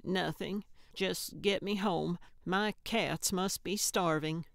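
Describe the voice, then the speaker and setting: A woman's voice: on the low side, takes it slowly, gravelly, no echo, studio quality. A woman reading the part of a blunt, cantankerous old woman sleuth in an audiobook, with a grumbling, plain-spoken manner.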